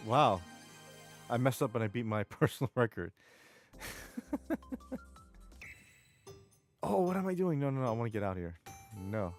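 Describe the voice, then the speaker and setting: A man's voice: mid-range voice, very animated, unhurried, long pauses, soft background music. A man with a New York accent, chatting casually on a live stream while gaming, rambling and reading chat aloud.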